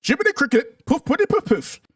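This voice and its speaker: A man's voice: extremely high pitch, very animated, a little fast, no echo, studio quality, distant mic, voice pushed up. A man doing a mock British accent, playing an indignant Englishman who spouts silly nonsense words. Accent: put-on British.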